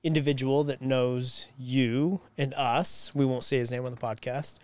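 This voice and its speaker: A man's voice: medium pitch, steady tone, normal speed, darkish tone, clear, resonant tone, dry recording. Joking man hosting a podcast. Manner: joking, profane, laughs a lot. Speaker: podcast host. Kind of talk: casual podcast chat.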